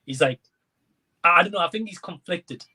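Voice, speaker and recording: A man's voice: high voice, lively intonation, normal speed, sharp tone, breathy edge. A young man in casual film discussion, talking through his thoughts with hesitant fillers. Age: young adult. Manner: hesitant, thinks aloud with fillers. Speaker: co-reviewer.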